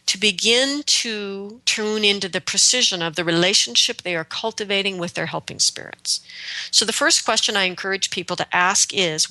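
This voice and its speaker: A woman hosting a radio show on shamanic practice, speaking slowly and earnestly in a reflective spiritual talk. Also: medium pitch, bright, forceful tone, no echo. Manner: slow, deliberate and earnest.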